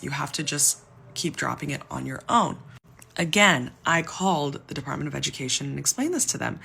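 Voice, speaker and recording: A woman's voice: sits low, vocal fry, a bit bright. A young woman in her twenties, talking candidly to camera and venting, exasperated and emphatic, close to tears. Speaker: civil servant venting about debt.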